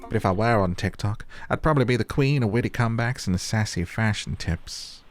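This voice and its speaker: A man's voice: lowish voice, a little fast, faint music behind, lightly acted. A man voicing a glamorous, haughty female fox villager who keeps calling people darling. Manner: affected, calls people darling.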